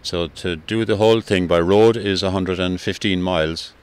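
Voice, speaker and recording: A man with a Kerry Irish accent, a walking tour guide explaining things in an unhurried way with fillers in a radio travel interview. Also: low voice, steady tone, clear, resonant tone. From Ireland.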